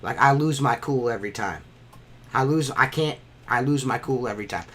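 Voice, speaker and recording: A man on a podcast, talking crude casual banter, profane and rambling, getting animated. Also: mid-range voice, brisk. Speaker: podcast host.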